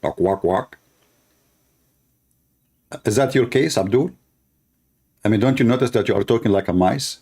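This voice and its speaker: A man's voice: mid-range voice, brisk, darkish tone, breathy edge. A man hosting a show, giving sarcastic, teasing commentary in non-native English. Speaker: host. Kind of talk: mocking commentary on a clip.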